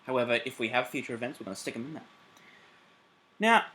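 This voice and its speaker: An Australian man hosting a casual railway vlog, excitable and chatty, swearing freely and filling pauses with "uh". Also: mid-range voice. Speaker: railway channel host.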